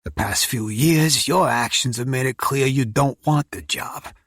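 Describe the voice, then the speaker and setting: A male narrator voicing a gruff, proud older mob uncle who blusters and lectures. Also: medium pitch, a little slow, no room sound, clean studio sound, pitched above the performer's own voice, natural voice. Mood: firm.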